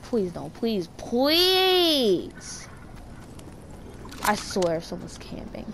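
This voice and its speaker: A woman's voice: mid-range voice, very slow, long pauses, slight background noise. A woman streaming a shooter game in casual commentary, yelping and exclaiming as she plays at home. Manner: excitable, yelps and exclaims mid-game. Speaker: gamer streamer. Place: home room.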